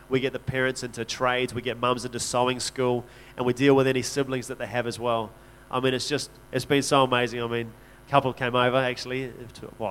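Man, missionary speaker, church storytelling, earnest, steady low-key pitch, middle voice. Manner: earnest, conversational, frequent restarts. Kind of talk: church talk, personal storytelling.

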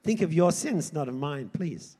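A man preaching a sermon in an animated way, swinging from loud emphasis to quiet asides. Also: a little high, moderate pace, husky. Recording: hall reverb.

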